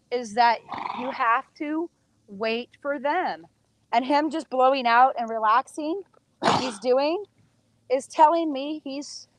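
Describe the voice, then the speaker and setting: A woman horse trainer talks viewers through her work in a relaxed, conversational teaching voice. Her pitch sits a touch high and the sound is close and dry, with no room echo. She keeps up an easy patter and coaxes the horse with steady encouragement. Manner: chatty, coaxing praise to the horse. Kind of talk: casual teaching while working a horse.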